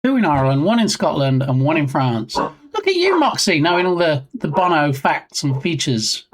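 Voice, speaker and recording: A live-stream host chatting casually and joking with viewers, reading out viewer names as they go. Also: moderate pace. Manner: lively swings in pitch. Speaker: livestream host.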